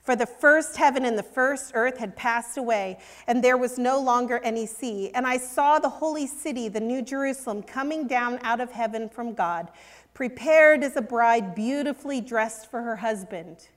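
An older woman preaching a sermon, earnest and emphatic, sometimes dropping to a hush. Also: fairly high pitch, moderate pace. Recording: long hall reverb.

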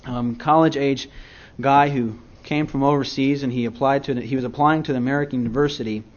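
A man's voice: mid-range voice, fairly even intonation, a little fast. A male pastor preaching a sermon, telling folksy stories and speaking directly to his congregation. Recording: dull lo-fi recording.

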